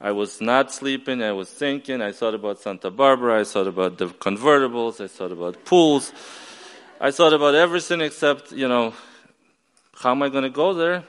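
A man's voice: medium pitch, moderate pace, a bit bright, clear, resonant tone, in a large hall. A man from West Ukraine with a Ukrainian accent, telling a personal story on stage to an audience and acting out the dialogue.

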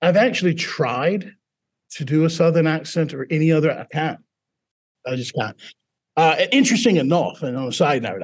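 A man from Mississippi, a teacher, telling his personal story in an interview in a relaxed, self-deprecating way. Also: medium pitch, slightly rough. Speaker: teacher and guest.

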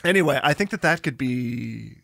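A man's voice: medium pitch, lively intonation, moderate pace, gravelly, a bit bright, dry recording, clean studio sound. A man co-hosting a podcast in casual chat, rambling and giggling, often trailing off mid-thought. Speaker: podcast co-host.

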